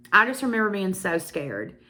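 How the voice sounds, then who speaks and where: Pushed and bright at a medium pitch, this young woman's Southern US voice carries a personal story told to her viewers. She's a beauty vlogger doing casual storytelling to camera, dropping in emphatic asides.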